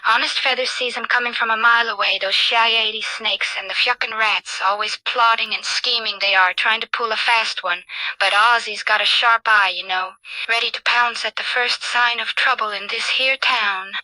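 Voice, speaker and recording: Cartoon ostrich enforcer, cocky and slangy, put on by a woman, bright piercing tone, dry close sound. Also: a little high, fairly even intonation, moderate pace, no room sound, low-quality recording. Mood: swaggering. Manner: slangy, tough-talking threats. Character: brash streetwise male ostrich watchman.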